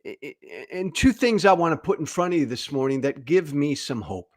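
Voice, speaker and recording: A man's voice: on the high side, animated, brisk. A man hosting a political commentary show, talking bluntly and candidly, often repeating words for emphasis. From United States. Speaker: podcast host and political commentator.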